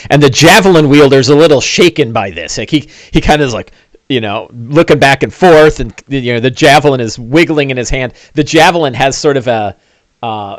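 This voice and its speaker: A man narrating a tabletop fantasy game as game master, telling the scene in an animated way with fillers and asides. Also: medium pitch, no room sound.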